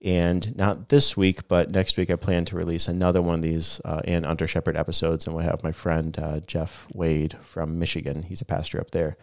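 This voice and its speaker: A man with a very low voice, a pastor reflecting on a sermon in casual conversation. He talks in a soft-spoken, thoughtful way. The sound is close and dry. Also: level tone, moderate pace, hardly any pauses, no echo. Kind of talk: casual podcast chat about a sermon.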